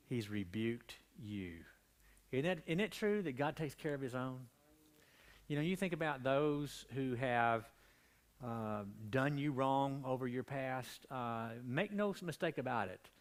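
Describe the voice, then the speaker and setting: This pastor speaks at medium pitch and a moderate pace during a midweek Bible study in church. His scripture reading builds in animated intensity, leaving his voice strained.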